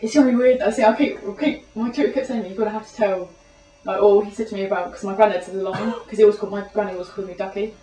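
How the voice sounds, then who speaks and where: A woman's voice: medium pitch, steady tone, very fast, few pauses, warm tone. A young woman, a student, chatting casually and rambling nervously with many restarts. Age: young adult. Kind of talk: casual chat. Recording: echoey room, mic far off.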